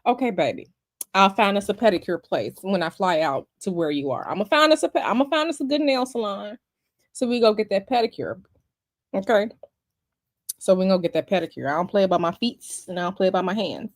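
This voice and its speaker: A woman's voice: mid-range voice, animated, a little fast, no echo, studio quality. A woman hosting a casual livestream, chatty and sassy, calling her viewers y'all and baby. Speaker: livestream host.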